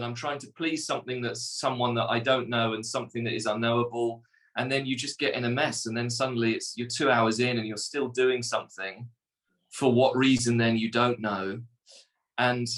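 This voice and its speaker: A man's voice: medium pitch, fairly bright tone, low-quality recording. A man chatting as an actor guest, rambling and teasing, often restarting his sentences. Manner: rambling, teasing, self-correcting. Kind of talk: relaxed conversational chat.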